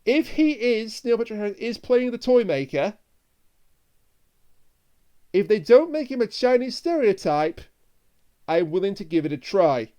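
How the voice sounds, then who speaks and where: A man co-hosting a podcast, chatting casually and adding wry, quick asides. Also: high voice, big pitch swings, mellow, clear, resonant tone. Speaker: podcast co-host. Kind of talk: casual chat.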